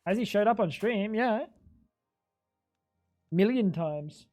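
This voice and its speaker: A man's voice: high-pitched, animated, takes it slowly, warm tone, soft background music. Ranting man streaming. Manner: ranting, profane, exasperated. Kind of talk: casual live-stream chat.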